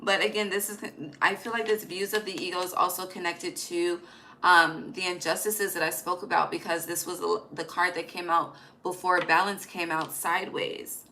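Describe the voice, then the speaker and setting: Woman, tarot reader, bright voice, blunt and slangy, chatty at home at night. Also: on the low side, flat delivery, moderate pace, slight background noise, low-quality recording. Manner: emphatic, swears freely, slangy asides. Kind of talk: casual spoken tarot reading.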